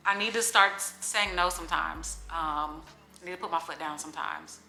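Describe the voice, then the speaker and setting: A woman's voice: deep voice, normal speed, gravelly, bright, forceful tone. A woman in her forties, a vlogger chatting candidly to camera in a casual Q&A, open and emotional. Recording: echoey room with faint music.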